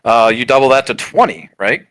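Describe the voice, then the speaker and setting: Bright-voiced man running a tabletop game. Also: mid-range voice, expressive, a little fast, no echo. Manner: loose and rambling, heavy with fillers. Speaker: game master.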